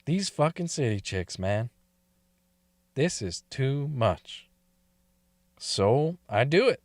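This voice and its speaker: A man's voice: mid-range voice, big pitch swings, slow pace, no room sound. A man telling a story in a casual, crude way, swearing and laughing often between lines.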